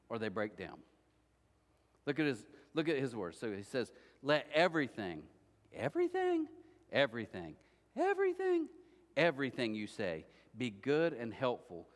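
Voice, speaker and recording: A middle-aged man preaching a sermon as pastor, telling humorous stories and speaking directly to the congregation. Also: fairly high pitch. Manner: lively humorous storytelling, addresses the congregation directly. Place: church auditorium. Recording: reverberant church hall.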